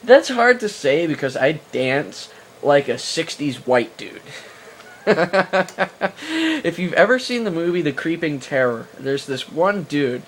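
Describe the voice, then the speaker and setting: A man's voice: on the high side, very animated, slow, slight background noise. Rambling young man with a handheld camera. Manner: rambling, hesitant, with many fillers and restarts; self-mocking, crude humor. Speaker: vlogger answering viewer questions. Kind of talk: casual Q&A vlog talk. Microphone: handheld camera mic.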